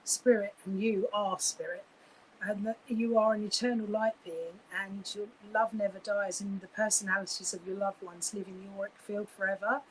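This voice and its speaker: A woman's voice: mid-range voice, steady tone, moderate pace, slight background noise, low-quality recording. A woman giving live psychic readings, gushing and effusive, with many fillers and restarts.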